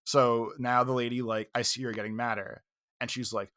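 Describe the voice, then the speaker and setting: Male podcast co-host, mid-pitched, casual and animated, swears a lot, dry close mic. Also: normal speed, no echo. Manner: animated, profane retelling with quoted outbursts. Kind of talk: casual storytelling chat.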